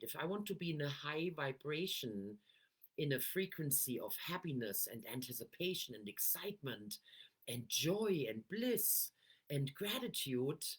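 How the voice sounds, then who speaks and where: A woman's voice: very deep voice, slightly rough. A middle-aged woman, an NLP coach, talking to camera and shifting her voice tone for emphasis.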